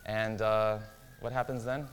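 A man's voice: fairly low pitch, level tone, a little slow, a little hiss or hum. A man teaching a Bible lesson in a casual, conversational way, often quizzing his listeners with questions. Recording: long hall reverb.

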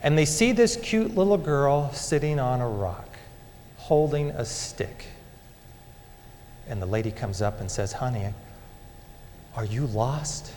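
A man preaching a sermon as a dramatic story, moving between loud and hushed delivery. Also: medium pitch, expressive, measured pace, long pauses, slight background noise. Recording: long hall reverb.

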